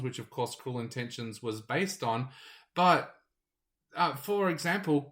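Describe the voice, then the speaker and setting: A man, a theatre reviewer, chatting casually and enthusiastically about a stage show, sometimes correcting himself. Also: medium pitch.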